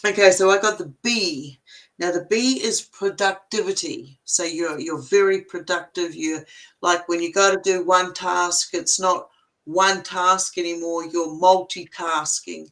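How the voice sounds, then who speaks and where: A woman's voice: lowish voice, fairly even intonation, a little slow, a bit bright, low-quality recording. An older woman giving a casual spiritual card reading, chatty and explaining step by step with everyday examples.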